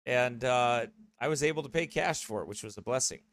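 A man who pastors chats loosely with his online congregation before the service. His talk rambles and keeps restarting itself, in a voice of middling pitch. The sound is close and dry, with no room around it. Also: brisk, a bit bright, dry recording. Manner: rambling, chatty, with many restarts. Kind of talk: casual chat with a streaming congregation. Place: at a desk beside his streaming computer. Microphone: streaming mic close at his desk.

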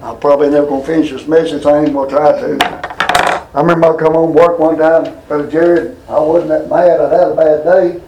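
A man preaches in a folksy, rambling way, telling homespun stories and turning to his listeners with asides. His voice sits high for a man. He sounds a little off mic, in a roomy, echoing hall. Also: level tone, brisk, recorded from a distance, background noise. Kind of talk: folksy storytelling sermon.

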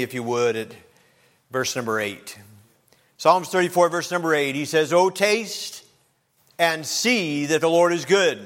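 A male pastor delivers a sermon with homespun anecdotes and emphatic, pleading calls to his congregation. His voice sits a little high for a man. The sound carries a long reverberant tail, as in a church sanctuary. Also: fairly bright tone. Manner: folksy storytelling, rising to emphatic preaching.

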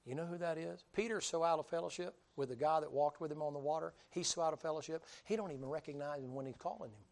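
A man preaching a storytelling sermon in a folksy, humorous way, swinging between loud and quiet delivery. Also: on the high side, fast talker, vocal fry.

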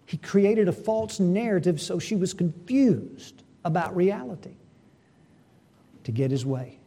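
A middle-aged man preaching a sermon, swinging between emphatic and hushed delivery. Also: extremely high pitch. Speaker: pastor.

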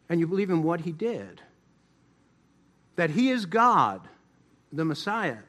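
A man preaching a sermon as pastor, building to emphatic declarations and then dropping low and slow to press a point. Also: huge pitch swings, a bit bright.

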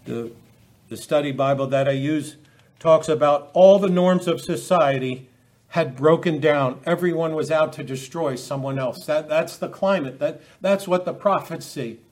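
A man's voice: on the high side, unhurried, darkish tone. A man preaching a sermon, often restarting and repeating words as he quotes scripture.

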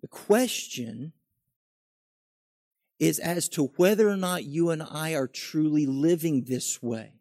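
A man delivers a sermon from the pulpit, reading verses slowly and deliberately. His voice sits a little higher than most men's, and it lifts and quickens as he presses his point home. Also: no echo, clean studio sound. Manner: reads scripture slowly, then preaches with rising animated emphasis. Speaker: preacher.

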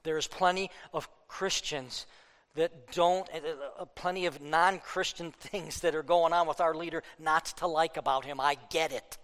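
A man preaching a fiery political sermon, worked up, swinging between loud outbursts and low asides. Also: fairly even intonation, unhurried, long reverb tail.

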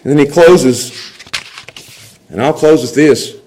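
A man's voice: a little high, slow pace, low-quality recording. Pastor guy preaching, chatty, keeps asking the crowd if they're with him. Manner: animated, conversational, checks in with the audience. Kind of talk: sermon.

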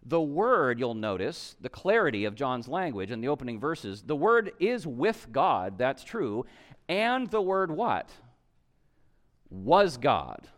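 A man's voice: mid-range voice, sing-song, slow pace, fairly bright tone. A man teaching a theology lesson, explaining earnestly and often restarting to repeat a point for emphasis. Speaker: teacher of the Creed.

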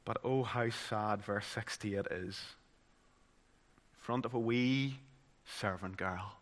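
A man with a Northern Irish accent preaching a sermon, moving from loud, dramatic emphasis to hushed, solemn tones. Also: on the low side, slow.

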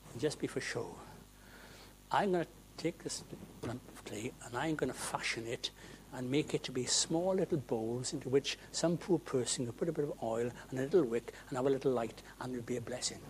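A man voicing a calm, practical potter who speaks quietly and firmly in a low, matter-of-fact tone. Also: moderate pace, pauses often, a little hiss or hum, close to an everyday voice, low-quality recording. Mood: patient. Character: calm, practical old potter, kindly and firm.

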